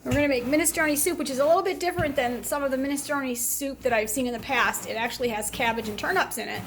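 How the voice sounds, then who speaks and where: A woman's voice: high voice, fast, a little hiss or hum. Chatty woman hosting a home cooking show. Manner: chatty, laughs often, rambling asides. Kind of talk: casual cooking demonstration. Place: home kitchen.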